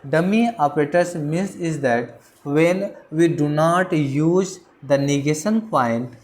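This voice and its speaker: A grammar teacher talks through a lecture at a middling pitch. The delivery is halting, full of fillers and restarts. Example sentences are spelled out slowly, one word at a time. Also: darkish tone, slight background noise.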